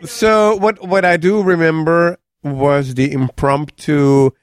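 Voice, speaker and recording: A man answering in a dry, deadpan way. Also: fairly high pitch, takes it slowly, clear, resonant tone.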